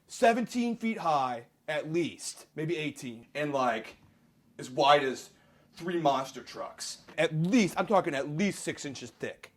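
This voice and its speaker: A man hosting and telling a Bible story for laughs, rambling with lots of "like" fillers and absurd asides. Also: medium pitch. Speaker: storyteller host.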